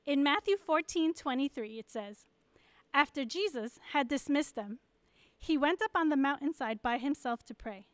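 Woman, church message to moms: high, clear voice, dry close sound, candid and encouraging. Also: animated, moderate pace, no room sound. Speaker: pastor's wife.

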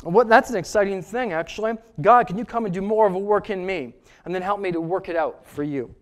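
Preaching a sermon with earnest emphasis, a male pastor with a Canadian accent repeats key phrases to drive them home. His voice sits high and moves a little fast.

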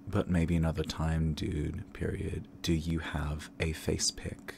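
A man rambling candidly and campily in a relaxed ASMR chat, drifting into soft whispers, tired and a little tipsy. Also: rumbling low, slow, gravelly, background noise. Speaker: ASMR creator.

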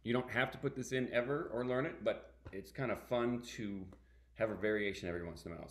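A middle-aged man teaching a ukulele workshop, calmly explaining and vocalizing strum patterns by counting them aloud. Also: fairly low pitch, fast, slight background noise. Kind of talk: online music workshop lesson. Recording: echoey room with ukulele playing.

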